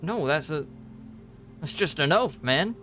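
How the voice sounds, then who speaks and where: Man doing a human mercenary, gruff, swearing, defensive, bright, unhurried. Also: fairly high pitch, lively intonation, soft background music, pitched above the performer's own voice.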